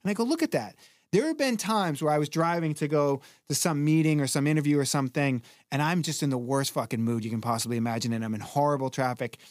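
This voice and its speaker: Animated teaching man from Boston. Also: on the high side, fast, few pauses, no room sound, clean studio sound. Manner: animated, acts out his classes loudly. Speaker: breathwork teacher. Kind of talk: casual podcast conversation.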